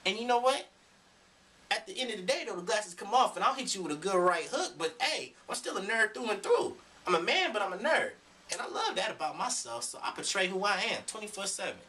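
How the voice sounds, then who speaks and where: Animated ranting man, high and bright. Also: normal speed, far from the mic, slight background noise. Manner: emphatic, preachy, profane. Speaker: vlogger. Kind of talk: ranting vlog monologue. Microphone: camera mic.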